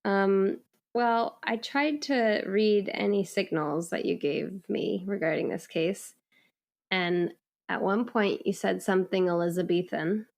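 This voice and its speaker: A woman in her thirties co-hosting a podcast in casual chat, upbeat and quick to laugh. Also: mid-range voice, gravelly, darkish tone. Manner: upbeat, giggly. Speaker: podcast co-host.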